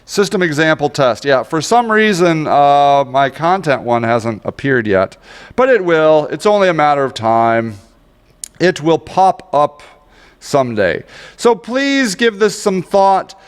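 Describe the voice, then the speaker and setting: A man with a fairly high, sing-song voice gives a casual screen-share tutorial on social media marketing, speaking a little slowly. He rambles, jokes at his own expense, and grumbles when the tool won't cooperate. His tone is clear and resonant, and it sounds like a large hall.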